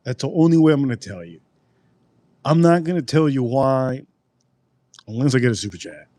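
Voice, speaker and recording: A man's voice: medium pitch, lively intonation, normal speed, mellow, dry recording. A man hosting a casual live stream, rambling and repeating his phrases as he talks straight to his chat. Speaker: livestream host reviewing drinks.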